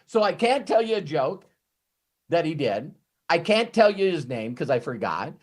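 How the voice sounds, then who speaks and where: A man giving an off-the-cuff motivational talk as a network marketing trainer, rambling and animated, swearing freely and often breaking off and restarting his sentences. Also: fairly high pitch, normal speed. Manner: frequent restarts and self-interruptions.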